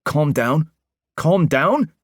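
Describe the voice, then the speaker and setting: A man doing a shrill, panicking young man. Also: big pitch swings, very slow, breathy edge, no echo, studio quality, heavily acted. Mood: panicked. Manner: screeching, frantic.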